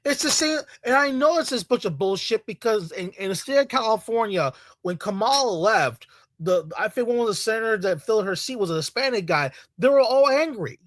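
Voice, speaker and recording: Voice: medium pitch, lively intonation, a little fast, dry recording. A video creator ranting in a heated, profane way, repeating points over and over. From Latino community in the United States. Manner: angry, profane, repetitive rant.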